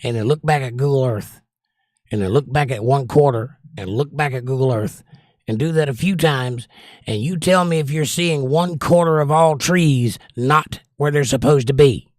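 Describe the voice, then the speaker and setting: A man's voice: medium pitch, moderate pace, darkish tone, dry recording, studio quality. Opinionated man ranting on a livestream. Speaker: livestream host. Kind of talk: casual livestream chat reading viewer comments.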